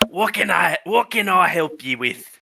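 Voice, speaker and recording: A man voicing a huge, old, gruff but kindly male tree-creature in a gravelly voice and a mock Scottish accent that slips into Australian. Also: sits high, animated, sharp tone, slight background noise, voice pushed up, full character voice. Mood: warm. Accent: mock Scottish slipping into Australian. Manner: slow, drawn-out delivery.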